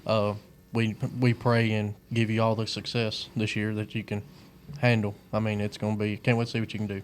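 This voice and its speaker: A man's voice: on the low side, completely flat delivery, a little fast, slight background noise. A man hosting a podcast, thanking the guest and signing off in friendly casual talk. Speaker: podcast host. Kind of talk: podcast sign-off.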